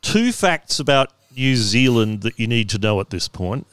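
A man hosts a comedy podcast with a smooth, clear voice. His sound is close and dry with no room around it, and his chat is playful, teasing and quick to mock himself. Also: medium pitch, lively intonation, a bit bright, dry recording. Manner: playful, self-mocking, teasing. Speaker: podcast host.

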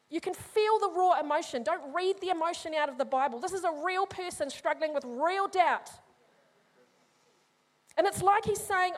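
A woman preacher in middle age with a high voice. She preaches with humor and life and speaks straight to her congregation. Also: moderate pace. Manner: animated, humorous, addresses the congregation. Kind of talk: sermon.

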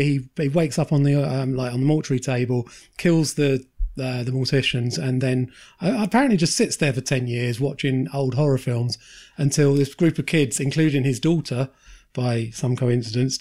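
A man hosts a casual film podcast chat, animated, sweary and jokey. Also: mid-range voice. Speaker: podcast host.

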